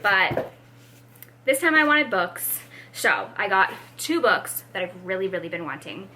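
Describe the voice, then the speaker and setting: A woman's voice: mid-range voice, a little slow, a little hiss or hum. A young woman vlogging casually about books, chatty and dramatic with lots of fillers. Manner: animated, dramatic, many fillers. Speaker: book vlogger. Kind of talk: casual vlog chat.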